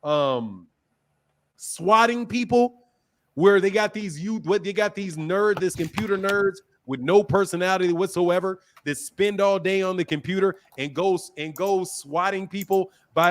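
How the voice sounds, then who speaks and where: Middle-aged guy hosting a boxing stream, kinda high voice, mocking and taunting a caller, leaning into his computer mic. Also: expressive, measured pace. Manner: mocking, taunting, laughs often. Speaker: boxing channel host. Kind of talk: heated live-stream argument.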